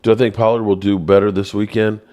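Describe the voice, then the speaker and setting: A man hosting a casual live-stream sports show, reading the chat aloud in a playful, self-mocking way. His voice leaps high when he gets exasperated. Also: level tone, fast talker, darkish tone.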